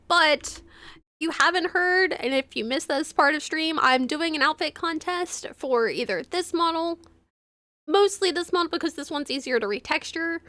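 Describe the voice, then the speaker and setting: A young woman streamer who reads a game's text aloud and chats with her viewers, gushing and excitable between the readings. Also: sits high, no echo.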